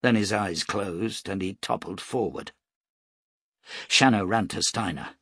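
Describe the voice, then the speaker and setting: A man reading an action novel aloud as an audiobook narrator, steady and dramatic. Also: lowish voice, a little slow, husky, no room sound, studio quality. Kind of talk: scripted narration.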